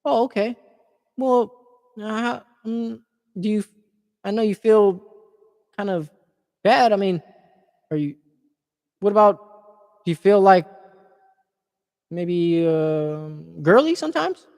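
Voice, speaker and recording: Man playing a soft coaxing grown man, probing questions, high voice, echoing reverb. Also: expressive, slow pace, long pauses, full character voice. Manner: gentle, probing, leading questions. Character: coaxing adult man sweet-talking a child.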